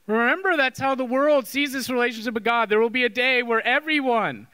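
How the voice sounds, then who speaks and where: A Catholic priest with a very high, sharp, clear and resonant voice preaches a sermon at a fairly quick pace. He keeps it conversational, often checking in with "okay?", and the church hall adds a long reverb.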